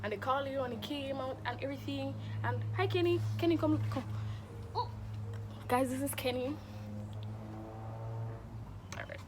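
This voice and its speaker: A young woman chats through a dramatic storytime, animated and expressive. Her voice sits a little high. A faint hiss lies under the recording. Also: normal speed, pauses often. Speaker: vlogger. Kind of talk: casual storytime.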